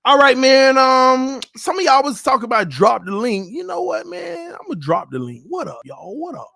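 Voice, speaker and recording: A man hosting a casual live stream, talking loud and playful with lots of trash talk. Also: very high voice, sing-song, moderate pace, creaky, no room sound, clean studio sound. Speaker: YouTube channel host. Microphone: desk mic, no headphones.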